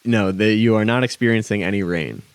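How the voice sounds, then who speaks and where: A man narrating a tabletop game as game master, halting with many ums and restarts. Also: lowish voice, clean tone, no echo.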